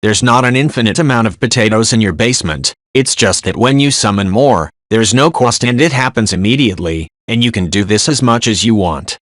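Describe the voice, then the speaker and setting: Male narrator for forum-post readings: lowish voice, quick, dry and direct. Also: a bit bright, no echo. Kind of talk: scripted reading of online posts.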